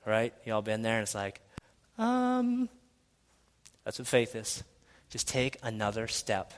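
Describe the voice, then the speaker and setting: A pastor preaching a sermon in a church, swinging from hushed, intimate lines to loud, excited shouting. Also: male voice, on the low side, normal speed, long reverb tail. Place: church sanctuary.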